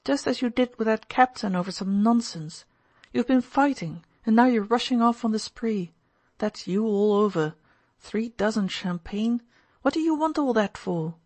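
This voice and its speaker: A woman's voice: mid-range voice, expressive, normal speed, no echo. A woman reading the part of a reproachful, uneasy young man in an audiobook, who keeps asking anxious questions.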